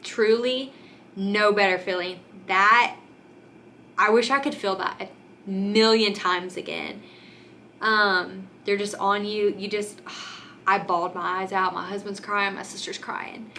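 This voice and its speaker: Medium in pitch with fairly even intonation, this young female vlogger talks slowly in a pushed, bright voice over a little hiss or hum. She's casual and candid with the camera, filling her speech with "like" and "um," and at times nearly cries.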